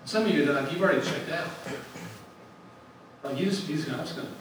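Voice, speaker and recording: A man's voice: a little high, moderate pace, heavy reverb, distant mic, background noise. A man giving a sermon in a conversational way, asking questions and answering them himself. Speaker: speaker at a ministry gathering.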